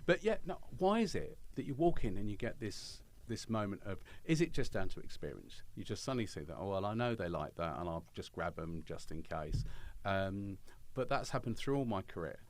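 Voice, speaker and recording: A man's voice: lowish voice, expressive, fairly quick, few pauses. A middle-aged man, a chef and podcast guest, musing and rambling in casual chat.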